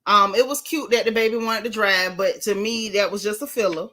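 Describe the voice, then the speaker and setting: A woman hosts a live stream recapping a reality show, gossiping bluntly and sassily with animation and thanking her viewers. Her voice is medium-pitched and fairly quick in this casual chat.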